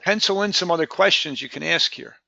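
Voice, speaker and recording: Gravelly, bright-voiced male sales coach. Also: brisk, no echo, highs cut off. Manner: energetic, repeats words, says "boom". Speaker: sales trainer. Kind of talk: coaching a live training session.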